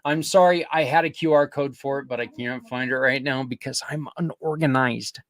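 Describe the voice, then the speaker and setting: An older man hosting a podcast, earnestly pitching community partners in a rambling, casual way with many restarts. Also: moderate pace, fairly bright tone. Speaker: podcast host. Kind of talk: casual promotional talk.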